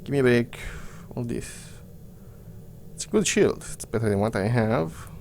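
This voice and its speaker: A man's voice: mid-range voice, expressive, moderate pace, vocal fry, a little mellow, slight background noise. A man giving casual gameplay commentary, muttering to himself and cursing. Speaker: gamer. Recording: faint game music behind.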